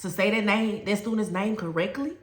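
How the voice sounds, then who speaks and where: A woman's voice: mid-range voice, animated, a little fast, echoey room. A woman, a former teacher, giving conversational classroom advice to other teachers, telling stories and repeating key points for emphasis.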